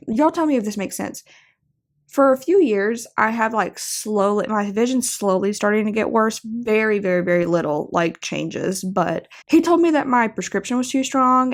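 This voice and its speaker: A woman's voice: medium pitch, vocal fry. A young woman hosting her own show, talking in a chatty, rambling way full of "like" and "y'all". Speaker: podcast host. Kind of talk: casual chat.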